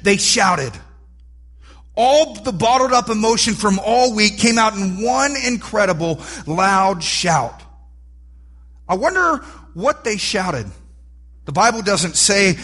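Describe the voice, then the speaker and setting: A man preaching a sermon, animated and rising to near-shouts for emphasis. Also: high voice, slow pace. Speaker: pastor.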